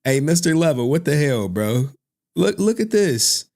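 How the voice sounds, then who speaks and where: A man's voice: a little high, very animated, a little slow, vocal fry, a little mellow. A man who streams reaction videos, chatting casually in loose slang and laughing often between remarks.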